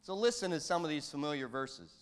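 A man delivers a sermon in a relaxed, conversational manner, his voice sitting slightly high for a man. He reads scripture aloud and lets his pitch and loudness rise and fall as he talks. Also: quick pace, smooth. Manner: conversational, varies pitch and volume, quotes scripture. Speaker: pastor.

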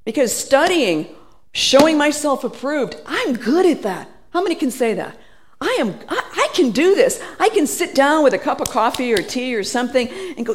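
A middle-aged woman preaching a sermon, telling stories in an animated way and laughing between phrases. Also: sits high, moderate pace.

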